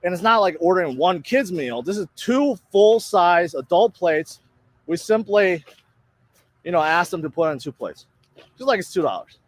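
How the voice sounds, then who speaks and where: High-pitched, lively man ranting. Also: normal speed. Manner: indignant, retells his own side of an argument. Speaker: storyteller in a played clip. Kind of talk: casual storytelling rant.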